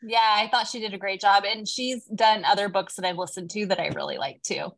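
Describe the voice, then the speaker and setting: A middle-aged woman from Texas, a guest author talking in a casual, animated, rambling way with many fillers. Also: mid-range voice, a little fast, vocal fry, dry recording. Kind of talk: casual video-call interview.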